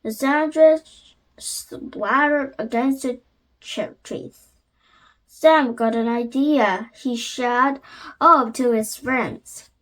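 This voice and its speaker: High-voiced woman reading a storybook slowly. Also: a bit bright. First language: Korean. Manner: careful, halting reading with frequent restarts. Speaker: channel host and reader. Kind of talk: reading a children's chapter book aloud.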